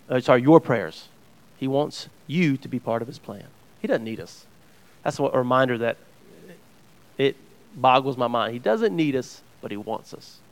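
A Bible teacher from Georgia with a voice on the high side delivers a conversational sermon. He restarts phrases and keeps checking in with his listeners.

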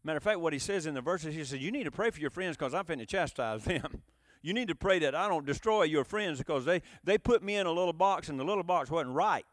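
A man preaching a sermon, animated, moving between loud emphatic bursts and low quiet asides. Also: fast talker, dry recording, studio quality.

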